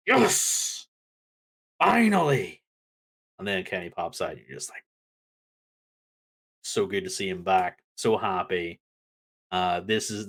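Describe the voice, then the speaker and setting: A man co-hosting a casual wrestling chat, telling stories with lively acted-out reactions. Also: medium pitch. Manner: animated storytelling, acts out crowd reactions. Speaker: podcast co-host.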